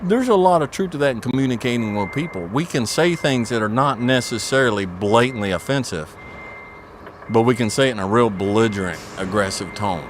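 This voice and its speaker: A man's voice: medium pitch, expressive, a little fast, slight background noise. A middle-aged man speaking as an interview guest, talking in an earnest and preachy way, repeating his points and asking "okay?".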